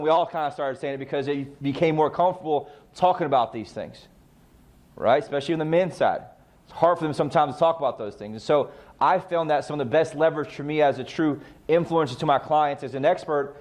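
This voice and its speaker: A man's voice: a little high, darkish tone. A middle-aged man coaching a real estate training session, often asking the group questions and answering them himself. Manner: rhetorical questions to the class. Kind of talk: training talk.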